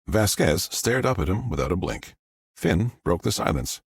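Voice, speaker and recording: A man reading a novel aloud as an audiobook narrator, with a gravelly voice and a measured delivery. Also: sits low, sing-song, dry recording, studio quality.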